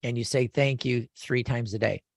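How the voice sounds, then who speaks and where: Middle-aged male radio host, gravelly, dry close studio sound, rambling and eager. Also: mid-range voice, steady tone, normal speed, dry recording. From California. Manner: rambling, enthusiastic, with frequent restarts. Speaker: radio show host and lawyer. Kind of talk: casual radio talk.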